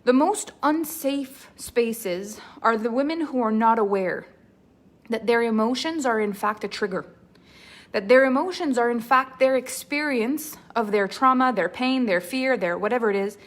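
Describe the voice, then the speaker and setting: A woman with a slightly high voice runs a live online mentoring session. She chats warmly with the viewers who join, then settles into earnest, repetitive teaching. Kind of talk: live-stream coaching talk.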